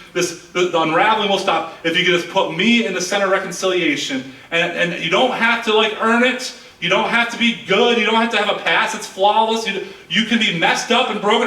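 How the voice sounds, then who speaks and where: An earnest male pastor preaches in a bright, high voice, stumbling and repeating words as he builds his points. He sounds distant in a roomy, echoing church sanctuary. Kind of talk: sermon. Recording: echoey church hall from far off.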